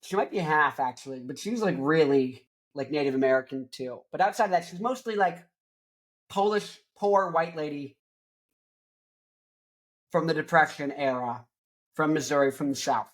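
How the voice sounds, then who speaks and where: A young man hosting a rock show, joking and rambling loudly, with crude asides. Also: on the high side, normal speed. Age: young adult. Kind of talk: rambling comedic music talk.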